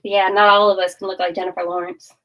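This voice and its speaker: A woman's voice: mid-range voice, level tone, fast talker, muffled recording. A young woman vlogger chatting casually and playfully while doing her makeup.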